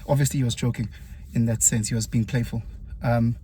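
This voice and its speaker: Talking a little fast with a breathy edge, this South African man from KwaZulu-Natal, once a teacher, tells a personal story for his vlog. His energy is high, and he leaps up in pitch to imitate the people in it.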